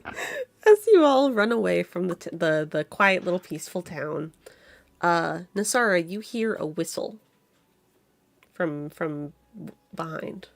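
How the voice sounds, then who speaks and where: A woman narrating as game master of a tabletop game, describing scenes slowly with fillers. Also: lowish voice, very animated, gravelly, no room sound.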